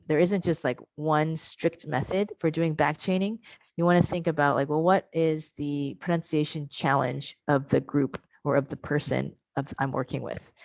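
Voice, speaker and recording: A woman with a notably low voice leads an online workshop for English teachers over a video call. She explains patiently, one step at a time, and slows down to draw out each syllable when she models a sound. Her voice sounds close and dry, with no room echo.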